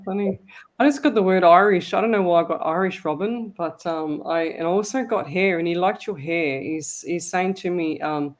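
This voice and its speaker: A woman hosting a live psychic radio show, reading listener comments aloud and giving readings with hesitant pauses. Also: fairly low pitch, darkish tone. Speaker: psychic medium host.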